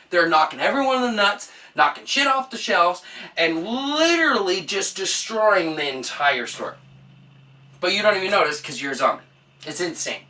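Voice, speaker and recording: Bright-voiced woman on a profane rant. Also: on the low side, recorded from a distance. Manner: exasperated, swears a lot. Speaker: vlogger.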